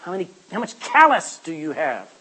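A middle-aged male preacher giving a lively sermon, reading scripture and acting out everyday asides. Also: sits high, fairly quick, slightly rough, poor audio.

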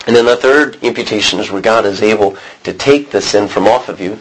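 Husky American man preaching casually. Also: fairly low pitch, fairly quick, low-quality recording. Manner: conversational, with many restarts and throat-clearing. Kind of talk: Bible teaching sermon.

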